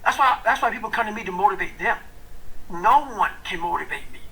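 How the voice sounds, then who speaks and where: A man delivers a fierce motivational talk in a gravelly, raspy voice with a tense, forceful edge. He is blunt and profane, jumping from loud, punchy lines to hushed, intense whispers. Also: sits high, expressive, brisk, rough recording. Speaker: motivational speaker.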